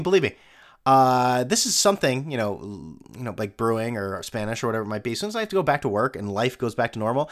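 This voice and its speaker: A man's voice: medium pitch, a bit bright. A middle-aged man hosting a casual solo podcast, rambling and sarcastic, putting himself down. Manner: sarcastic, rambling, self-mocking. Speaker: podcast host.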